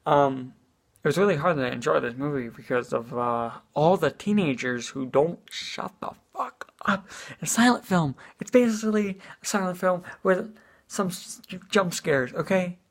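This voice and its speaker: Casual movie review, ranting, exasperated, mid-pitched, gravelly fry. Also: lively intonation, normal speed. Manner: exasperated, ranting, lots of "you know" and swearing.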